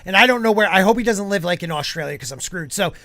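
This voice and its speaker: A man with a notably high voice hosts a casual streamed podcast. He rambles, restarts his sentences and reads viewer comments aloud, and the sound is close and dry. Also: animated, fast, sharp tone, no echo. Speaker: podcast host. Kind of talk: casual live-stream chat.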